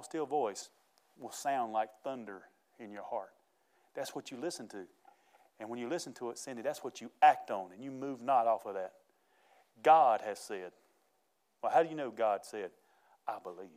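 Animated preacher man. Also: mid-range voice. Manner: folksy, animated preaching with laughter. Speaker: pastor. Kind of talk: sermon.

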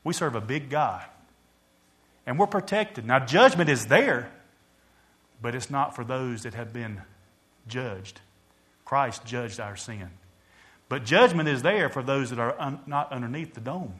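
A preacher delivering a sermon, swelling loud and dropping quiet, calling out to the congregation. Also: male voice, medium pitch, expressive, measured pace, long pauses.

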